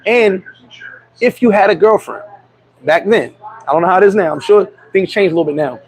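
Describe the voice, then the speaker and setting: A man's voice: high-pitched, brisk, poor audio. A man hosting a casual livestream chat, telling blunt, profane stories. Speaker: livestream host.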